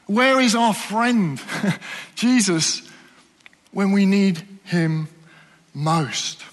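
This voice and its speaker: High-voiced earnest male preacher. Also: animated, long reverb tail. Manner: earnest, questioning, drops to soft slow emphasis. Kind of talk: sermon.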